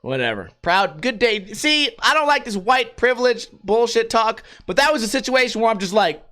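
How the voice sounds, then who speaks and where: A young man hosting a podcast, rambling through a profane, animated story in casual talk. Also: very high voice, normal speed, few pauses. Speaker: podcast host.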